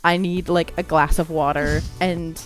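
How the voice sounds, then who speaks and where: A woman's voice: deep voice, level tone, unhurried, faint music behind. A woman co-hosting a casual movie review podcast, telling stories animatedly with lots of "like". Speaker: podcast co-host.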